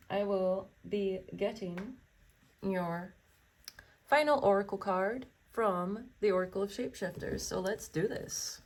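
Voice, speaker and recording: A woman's voice: mid-range voice, a little hiss or hum. A woman giving a tarot reading, reading card texts aloud and chatting to viewers in a gushing, exclamatory way. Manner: gushing and exclamatory, full of wows and oh my goshes.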